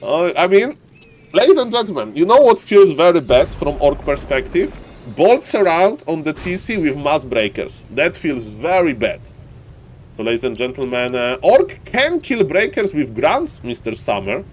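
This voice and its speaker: An esports caster calls a strategy game live at normal speed. His play-by-play is excitable, repeatedly addressing "ladies and gentlemen," and rising high and loud whenever fights break out.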